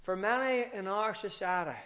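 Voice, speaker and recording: A man's voice: sits high, moderate pace, fairly bright tone. A man preaching an earnest, emphatic sermon with rising outbursts.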